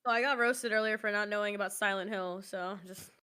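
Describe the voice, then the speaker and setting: A woman's voice: medium pitch, steady tone, fairly quick, bright, forceful tone, a little hiss or hum. A woman chatting casually with her stream audience, rambling with lots of "like" fillers and laughing easily. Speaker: streamer co-host. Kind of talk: casual livestream chat.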